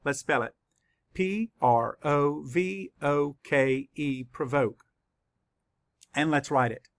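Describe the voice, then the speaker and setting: Gravelly male teacher spelling slowly. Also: a little high, no echo. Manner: slow, careful letter-by-letter spelling. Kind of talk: spelling lesson for children.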